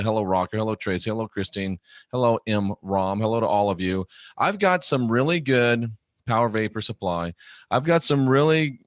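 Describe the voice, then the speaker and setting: A middle-aged man hosting a live online talk show, talking bluntly and animatedly, sometimes breaking into loud mock shouts. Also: fairly low pitch, dry recording, clean studio sound. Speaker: host.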